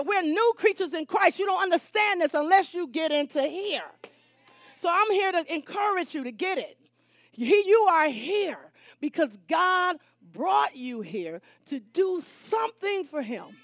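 A woman preaching a live church sermon, swinging from hushed tones to shouting and calling for responses from the congregation. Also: extremely high pitch, lively intonation, moderate pace, no room sound. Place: church service. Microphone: stage mic with monitor.

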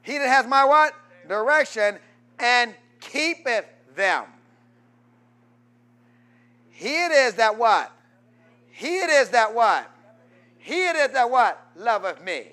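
A man pastor preaching a sermon, quizzing his congregation in call-and-response and swinging from loud exhortation to low asides. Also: very animated, slow, pauses often.

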